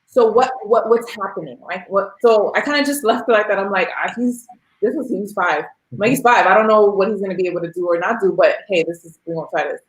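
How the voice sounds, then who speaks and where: A woman's voice: medium pitch, fast talker. Storytelling woman in a roomy space. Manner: candid, storytelling with quoted dialogue. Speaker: parent sharing experience. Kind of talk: casual discussion. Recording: roomy echo.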